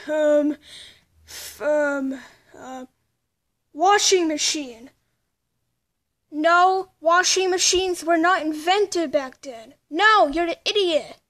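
A woman's voice: very high voice, very slow, pauses often, a bit bright. A young woman doing playful childlike voices in a homemade play, shifting between several characters.

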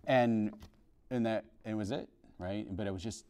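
Midwest priest guy, low mellow voice, stops and restarts a lot, earnest. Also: clear, resonant tone. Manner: halting, restarting, earnest storytelling. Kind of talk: informal testimony to a parish class. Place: parish hall.

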